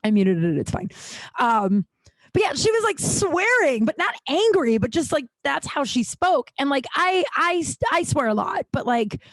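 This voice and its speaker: A woman's voice: high voice, big pitch swings, moderate pace, no echo. A woman hosting her own podcast, chatting casually and rambling through stories with lots of "like" and plenty of swearing. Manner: rambling storytelling, heavy use of "like", frequent swearing. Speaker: podcast host. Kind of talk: casual solo podcast chat.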